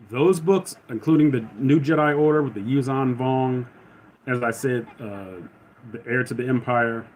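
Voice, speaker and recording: The low-quality recording captures a man with a medium-pitched, slightly mellow voice hosting a casual live stream. He talks in a rambling, conversational manner and often corrects himself.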